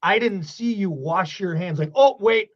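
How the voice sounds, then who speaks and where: Man, high voice, morning radio host, jokey animated banter, studio mic, slightly muffled sound. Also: normal speed. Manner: animated, jokey, swings loud and soft.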